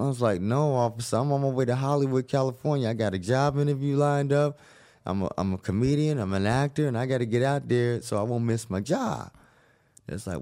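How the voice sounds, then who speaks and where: A man telling a wild personal story in an animated way, acting out the voices of the people in it, swearing and laughing often. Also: medium pitch, a little fast. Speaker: guest telling his story.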